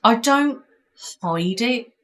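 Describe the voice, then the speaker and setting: A young woman with an English Midlands accent, chatting fast and emphatically as a podcast co-host. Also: fairly high pitch, lively intonation. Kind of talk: casual chat.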